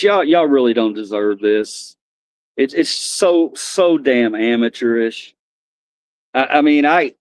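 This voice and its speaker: A man's voice: medium pitch, clean tone, no echo. A man chatting casually on a live stream, rambling and often repeating and restarting his phrases.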